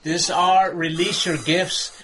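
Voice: medium pitch, flat delivery, takes it slowly, a crowd in the background. A prayer leader calling out fervent invocations over a video call. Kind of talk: charismatic prayer.

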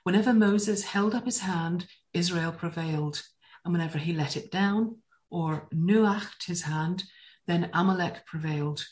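A woman giving a teaching talk on Hebrew words, enthusiastic and telling stories in a lively way. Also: on the low side, measured pace, low-quality recording. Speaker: Bible teacher.

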